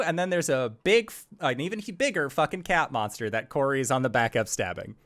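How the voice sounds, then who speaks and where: A man's voice: medium pitch, lively intonation, a little fast, hardly any pauses, fairly bright tone, dry recording, studio quality. A man narrating as game master of a tabletop game, giving matter-of-fact rulings.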